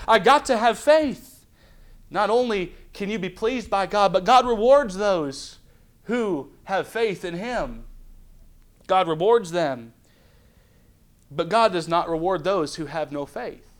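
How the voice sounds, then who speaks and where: In church, a male pastor with a high voice preaches a midweek Bible study sermon. He reads scripture aloud, poses rhetorical questions to the congregation and dramatizes little scenes in asides, restarting frequently.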